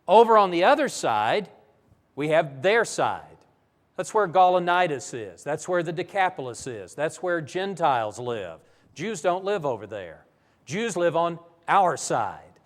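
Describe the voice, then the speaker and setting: A man's voice: fairly high pitch, a little slow, long reverb tail. A man preaching a Bible lesson in a church, telling the stories vividly. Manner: animated, vivid storytelling. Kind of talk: sermon-style Bible lesson.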